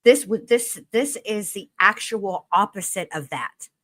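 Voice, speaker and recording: Co-hosting a laid-back true crime podcast from a home studio livestream, a woman speaks bluntly and swears as she gets heated. Her medium-pitched voice is expressive and unhurried.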